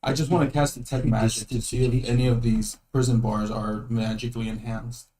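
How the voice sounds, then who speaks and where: A man playing a tabletop game, relaxed and halting, with lots of ums. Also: mid-range voice, roomy sound, recorded from a distance, a little hiss or hum. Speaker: player. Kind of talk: casual tabletop play on stream.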